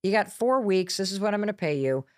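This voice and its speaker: Animated middle-aged woman telling a story. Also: medium pitch, fast talker, no room sound, clean studio sound. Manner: lively, acts out quotes, candid with swearing. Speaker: guest, motivational speaker and author.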